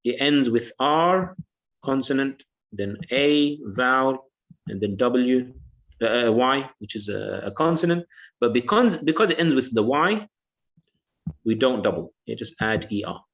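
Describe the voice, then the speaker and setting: Male English teacher, patient and repetitive, mid-pitched, dull online-class audio. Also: expressive, unhurried, fairly bright tone. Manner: patient, repeats words and says "yeah" often.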